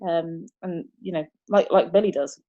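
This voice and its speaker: A young woman, chatting as an interview guest, upbeat and quick to laugh. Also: lowish voice, dark tone, muffled recording. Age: 20s. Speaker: martial arts competitor, interview guest. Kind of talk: casual interview chat.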